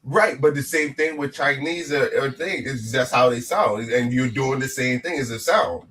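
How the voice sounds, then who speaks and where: A man's voice: mid-range voice, normal speed, a bit bright, a little hiss or hum. Rambling man in casual chat. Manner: rambling, repeats himself. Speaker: podcast host.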